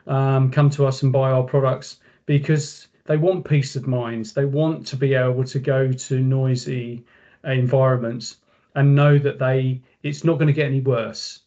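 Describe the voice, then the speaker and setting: A man's voice: mid-range voice, level tone, a little slow, warm tone. Rambling man on a dull video call. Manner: rambling, many fillers and restarts, acts out quotes in raised voice. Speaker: company director, webinar guest speaker. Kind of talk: casual webinar talk.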